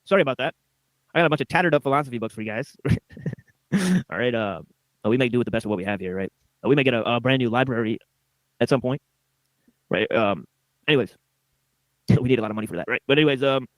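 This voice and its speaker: Rapid-talking man, a "right?" after every phrase. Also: mid-range voice, no room sound. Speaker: host. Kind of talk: live-stream philosophy reading and commentary.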